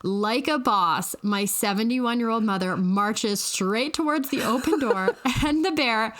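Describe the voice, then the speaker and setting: A woman's voice: a little high, unhurried, fairly bright tone. A woman co-hosting a podcast, chatting casually and telling a family story, often breaking into laughter. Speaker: podcast co-host.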